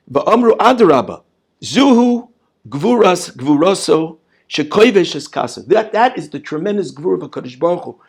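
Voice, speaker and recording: A man's voice: high-pitched, a little mellow, breathy edge. A male rabbi giving an emphatic lesson on prayer, repeating words and asking rhetorical questions. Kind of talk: Torah lesson.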